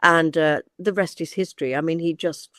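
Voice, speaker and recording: An older woman, a guest on a chat podcast, telling anecdotes in a lively way with many ums and restarts. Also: low-pitched, normal speed, no echo, clean studio sound. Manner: lively anecdotal storyteller, hesitant fillers. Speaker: guest, former actress and agent. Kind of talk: casual chat.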